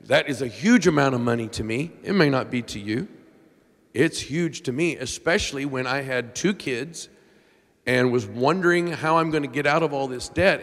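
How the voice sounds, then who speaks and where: A middle-aged man preaching a sermon, telling a personal story with strong emotion, dropping to a hush and rising to shouts. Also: a little high. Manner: emotional, swings from hushed to shouting. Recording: long hall reverb.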